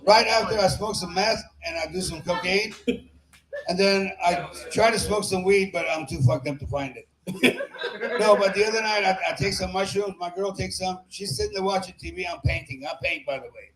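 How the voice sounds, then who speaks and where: A man with a high, fairly bright voice and moderate pace performs a rambling, crude open-mic set at a small comedy bar. Holding the mic, he cracks himself up, and the room sounds echoey.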